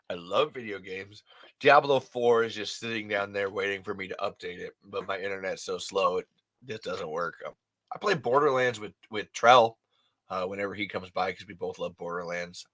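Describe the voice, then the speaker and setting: Rambling, bright-voiced podcast host, a man. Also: fairly low pitch, expressive, normal speed. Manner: rambling, affectionate, swears, restarts. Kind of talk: casual chat reading comments.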